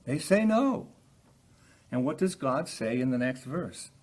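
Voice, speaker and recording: Husky older man preaching earnestly. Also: medium pitch, animated, measured pace. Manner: earnest, swings from quiet to loud emphatic. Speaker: Bible teacher. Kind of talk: sermon-style Bible teaching.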